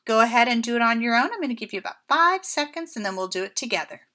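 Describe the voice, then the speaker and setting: A woman teaching a first grade class from home, speaking slowly and clearly with an encouraging teacher's manner. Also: fairly high pitch, animated, pushed and bright. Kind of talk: remote lesson for young children.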